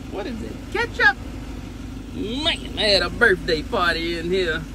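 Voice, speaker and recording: Brief: high, wildly animated man doing a working-day vlog outside, loud and jokey, clip-on mic, clear street noise behind. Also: measured pace. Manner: loud, joking, shouts and exclaims while working. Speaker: trash can cleaning business owner. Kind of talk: casual on-the-job vlog. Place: outdoors by a house, near a street. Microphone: small clip-on mic with phone camera.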